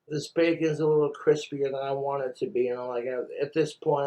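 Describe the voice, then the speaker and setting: A man's voice: mid-range voice, darkish tone, poor audio. A man talks into the camera while he cooks, his voice sitting in a middling register. He sounds irritated with himself, scolds himself aloud and drops curse words freely. It is a loose, unscripted home cooking vlog. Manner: frustrated, self-scolding, heavy swearing. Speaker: cooking vlogger.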